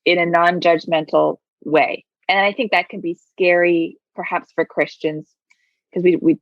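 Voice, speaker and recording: A woman's voice: fairly low pitch, fairly even intonation, normal speed, dry recording, muffled recording. A woman guest who teaches yoga, talking reflectively in an interview and often saying "like". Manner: reflective, thoughtful, says "like" a lot. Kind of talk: conversational interview.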